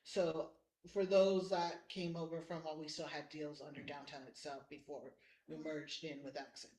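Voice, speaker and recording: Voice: mid-range voice, flat delivery, moderate pace, darkish tone. A staff member explaining office paperwork at a meeting in a run-on, step-by-step way. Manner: explanatory, run-on, talks through the process. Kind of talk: casual office meeting talk. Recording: echoey meeting room.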